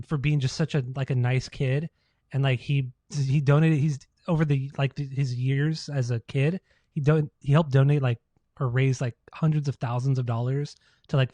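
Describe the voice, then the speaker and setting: A man's voice: mid-range voice, dark tone, no room sound. A man co-hosting a podcast in casual chat, rambling with lots of "like" and frequent laughter. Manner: rambling, laughs often, heavy use of "like". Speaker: podcast co-host.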